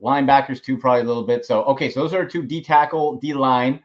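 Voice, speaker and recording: A man hosts a casual sports podcast with a middle-pitched voice. He talks emphatically and jumps in quickly when his guest is speaking. The audio sounds dull and lo-fi. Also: fairly even intonation. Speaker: podcast host.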